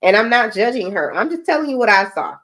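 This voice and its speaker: A woman giving casual reaction commentary, talking deliberately and correcting herself as she goes. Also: on the high side, big pitch swings, fairly bright tone. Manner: deliberate, self-correcting, direct.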